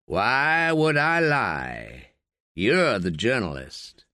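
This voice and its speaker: A man voicing a wild old American war veteran with a deep, treacly drawl and an American accent. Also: very animated, drawn-out words, sharp tone, no room sound, studio quality, exaggerated voice. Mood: gruff.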